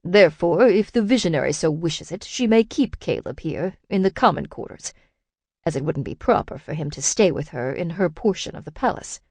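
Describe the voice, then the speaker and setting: A woman's voice: fairly low pitch, lively intonation, normal speed, darkish tone, dry recording. A woman voicing a pompous, condescending older male council leader in an audiobook. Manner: condescending, bellowing.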